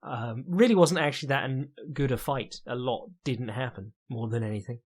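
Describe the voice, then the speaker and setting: A young man hosting a podcast alone, giving casual fight commentary in a sardonic, profane manner with quick asides. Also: mid-range voice, breathy edge. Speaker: podcast host and fight analyst.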